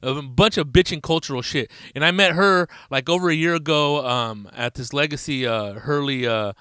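Young SoCal podcast host, loose profane slang, slightly high, bright, dry close sound. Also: male voice, normal speed, clean tone, no echo. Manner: loose, profane, rambling slang with frequent laughs. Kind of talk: casual podcast monologue.

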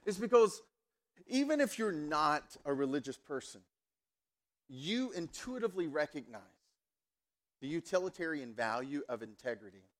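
Male pastor, slightly higher voice, conversational sermon, animated storytelling, emphatic bursts. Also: moderate pace, long pauses. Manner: fired-up, emphatic when worked up.

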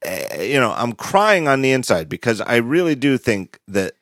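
A man's voice: mid-range voice, very animated, normal speed, a bit bright, dry recording, studio quality. A man hosting a podcast in casual chat, laughing often and repeating himself for emphasis. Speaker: podcast host.

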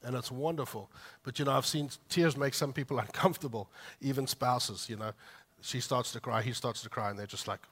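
A man preaching a heartfelt sermon, swinging between loud emphatic peaks and soft, quiet asides in a conversational way. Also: mid-range voice, brisk, breathy edge. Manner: conversational asides with light laughs. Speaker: pastor.

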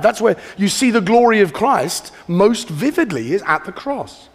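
A man's voice: high-pitched, lively intonation, fairly quick, gravelly, husky. A man preaching a sermon in a church, earnest and conversational, often asking the congregation questions. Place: church hall, livestreamed. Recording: hall reverb from a live church.

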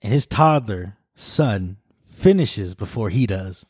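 Profane, animated man telling a story. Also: on the low side, slow, husky, no echo, studio quality. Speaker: podcast co-host. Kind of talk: casual chat.

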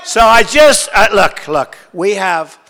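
An older man holds forth at a political rally in a large school hall, hammering his points with repetition and drifting from one thought to the next. His voice sits unusually high and rings with a sharp, bright edge. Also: animated, takes it slowly. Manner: emphatic, repetitive, rambling. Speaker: political candidate. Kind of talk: campaign rally speech.

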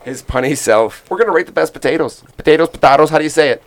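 A man's voice: fairly high pitch, lively intonation, fast talker. A young man hosting a casual sports podcast, rambling and joking with lots of fillers and restarts. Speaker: podcast host.

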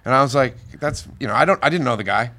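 A man's voice: medium pitch, expressive, fast talker, vocal fry, sharp tone. A man guesting on a podcast as a poker dealer, telling loose stories with lots of cursing. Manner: loose storytelling with frequent cursing. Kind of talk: casual podcast chat.

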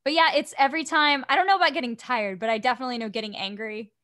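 A woman chatting casually as a podcast guest, telling animated stories and laughing often. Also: sits high, very fast. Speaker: guest voice actor.

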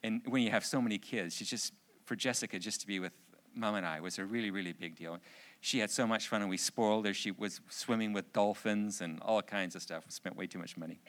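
Middle-aged male speaker, low and forceful, animated sermon storyteller with jokey asides. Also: fairly quick. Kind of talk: personal anecdote in a sermon.

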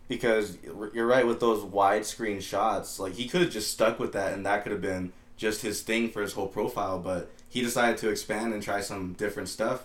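A laid-back man co-hosting a podcast in a casual chat, swearing freely. His voice sits a bit low. The room has a roomy echo. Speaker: podcast co-host.

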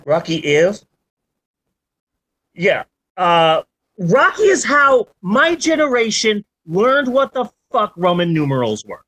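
A podcast host in their forties in casual chat, animated and swearing freely. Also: medium pitch, measured pace, poor audio. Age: 40s.

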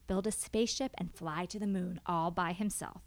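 A woman's voice: fairly low pitch, moderate pace. Woman, library podcast co-host, casual chat, giggly, reads lines aloud. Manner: giggly, animated when reading lines aloud. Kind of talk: casual chat, reading picture books aloud.

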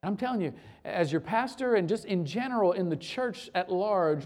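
A man's voice: high voice, expressive, normal speed, a little mellow. A male pastor preaching a sermon to his church, emphatic and repeating phrases for effect.

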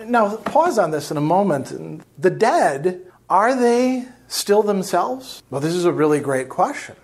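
Man lecturing on literature, slightly high voice. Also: big pitch swings, normal speed. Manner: reads quoted passages, then comments in a conversational way. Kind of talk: literature lecture with read-aloud passages.

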